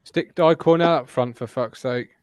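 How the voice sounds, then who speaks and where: A man's voice: medium pitch, moderate pace, a little mellow, clear, resonant tone, no room sound. Sarcastic swearing man, dry sound. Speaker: fan show host running the stream. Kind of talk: casual football watch-along chat.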